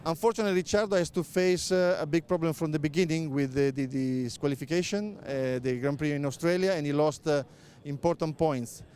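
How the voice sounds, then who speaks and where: A middle-aged man with an Italian accent, a native Italian speaker answering interview questions as a motorsport pundit, pausing often on filler sounds and restarting his phrases. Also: on the high side, darkish tone, slight background noise. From Italy. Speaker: motorsport pundit, former racing driver.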